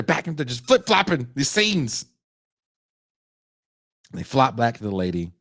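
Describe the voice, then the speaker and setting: Deep-voiced man riffing profanely. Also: a little fast, long pauses, no room sound, studio quality. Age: 40s. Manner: profane, animated, acts out quoted lines. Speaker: podcast host reviewing a film. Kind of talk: casual comedic film review.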